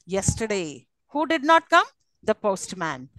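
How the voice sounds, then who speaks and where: A woman's voice: mid-range voice, big pitch swings, unhurried, a bit bright, no room sound, low-quality recording. A woman teaching a university class, explaining patiently, with many fillers and questions put to her students. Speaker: university English lecturer. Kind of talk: live lecture to students.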